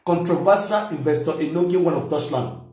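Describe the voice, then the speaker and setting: High-voiced mocking Nigerian man, echoey room. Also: a little fast, darkish tone, faint music behind. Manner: mocking, teasing, breaks into laughter. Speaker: comedian. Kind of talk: comic mock phone call. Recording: echoey room, mic at a distance.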